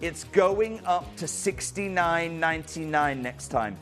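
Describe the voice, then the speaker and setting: A man's voice: fairly high pitch, animated, takes it slowly, a bit bright, soft background music. A man presenting a live shopping channel sale, urgent and persuasive, calling out viewers by name. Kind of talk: fast live sales pitch. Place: TV studio.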